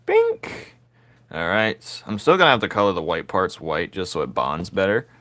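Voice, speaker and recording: A man's voice: low voice, animated, a little fast, bright, forceful tone. A man giving casual commentary while he draws, laid-back and teasing, talking to himself as he works. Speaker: artist drawing on camera.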